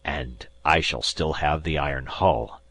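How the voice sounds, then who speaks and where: A man voicing a furious, explosive American ship captain who shouts his lines in an audiobook. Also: low voice, expressive, moderate pace, dry recording. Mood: softer. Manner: shouting, bellowing outbursts. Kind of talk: audiobook character voice.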